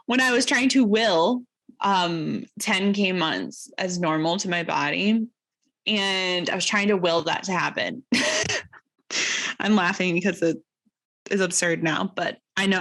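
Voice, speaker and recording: A woman's voice: fairly low pitch, a bit bright. A woman in her thirties hosting a podcast, talking openly and emotionally in a confessional, casual way, dropping slang and laughing as she goes. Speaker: podcast host. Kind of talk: candid motivational monologue.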